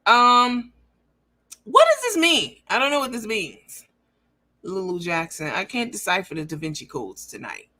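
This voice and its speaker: A woman's voice: mid-range voice, very animated, measured pace, sharp tone. A woman hosting a livestream, reading viewer comments aloud and talking bluntly and profanely in a mocking, emphatic way.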